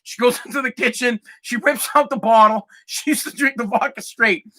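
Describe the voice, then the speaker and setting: A man's voice: extremely high pitch, normal speed, a bit bright. A young man hosting a podcast in a rambling, profane, casual monologue, often breaking into laughter. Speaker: podcast host.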